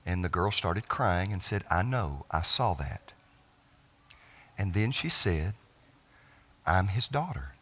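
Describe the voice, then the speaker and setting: A middle-aged man preaching from the pulpit of a church, telling a family story. His voice sits low in pitch but has a bright, forward edge. He often restarts his phrases and lets them fade to a hush. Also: expressive, slightly rough. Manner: emotional storytelling, halting restarts, trailing off softly. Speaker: pastor. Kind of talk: sermon. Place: church sanctuary.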